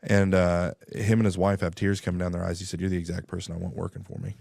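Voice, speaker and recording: A man's voice: sits low, flat delivery, fast talker, creaky, darkish tone, dry recording, studio quality. A man, a radio guest, telling a story in casual talk and acting out both sides of phone calls.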